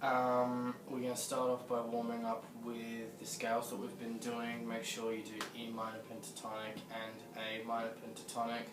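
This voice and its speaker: A man's voice: mid-range voice, completely flat delivery, moderate pace, hardly any pauses, background noise. A man teaching a guitar lesson on video, patiently explaining scales and counting in the tempo. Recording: roomy echo, distant mic, guitar.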